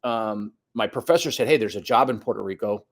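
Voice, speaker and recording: A soccer coach in his fifties, appearing as a podcast guest, tells a long personal story in a casual storytelling interview. He acts out the voices of the people he quotes, speaking fairly quickly in a voice on the low side.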